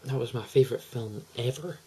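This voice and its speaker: A teenage lad talks to camera in an excitable, rambling rush and gushes over everything. His voice sits at an ordinary middle pitch, and a faint background hum sits under it. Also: a little fast, rough recording. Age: teens. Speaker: vlogger. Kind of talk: casual chat to camera.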